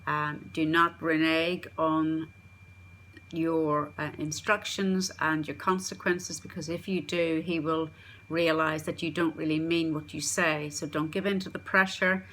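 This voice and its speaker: A woman's voice: low voice, little pitch movement, unhurried, a bit bright. A woman coaching parents in an instructional talk, earnest and repeating key phrases for emphasis.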